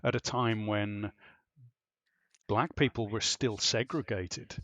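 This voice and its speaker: Slow, bright, jokey male podcast host. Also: on the low side, fairly even intonation. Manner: rambling and jokey, with lots of laughing asides. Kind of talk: casual panel chat. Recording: dry, dull, lo-fi sound.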